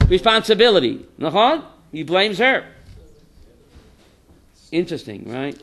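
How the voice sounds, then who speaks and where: A male rabbi lecturing a Torah class in a high, bright voice that swings widely in pitch. He keeps firing rhetorical questions at his students and calls on them by name. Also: big pitch swings, a little slow. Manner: quizzes students by name, mixes in Hebrew terms.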